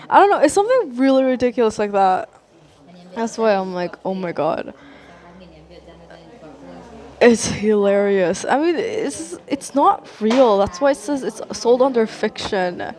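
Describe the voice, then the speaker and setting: A woman's voice: on the high side, expressive, moderate pace, a little mellow. Rambling, sarcastic woman vlogger. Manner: rambling and sarcastic, heavy use of "like", swears. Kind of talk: casual monologue to camera.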